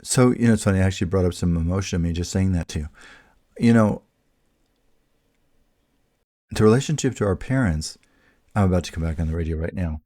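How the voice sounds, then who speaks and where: Low-voiced male radio talk host. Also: fairly quick, long pauses. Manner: rambling, warm-hearted, restarts often. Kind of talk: casual spiritual talk to listeners.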